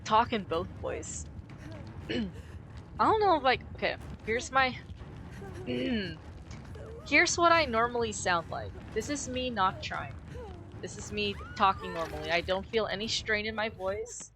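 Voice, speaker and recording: Gruff-voiced woman streamer, casual chat. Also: animated, a little slow, pauses often, sharp tone, slight background noise. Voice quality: gruff, slightly rough voice. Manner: speaks in a low, somewhat forced register; candid and musing. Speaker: game streamer.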